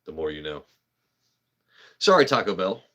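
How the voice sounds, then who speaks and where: A deep-voiced man with a sing-song, slightly bright delivery hosts a casual livestream at a moderate pace. Rambling freely, he cusses, cracks jokes and talks to members of the chat by name.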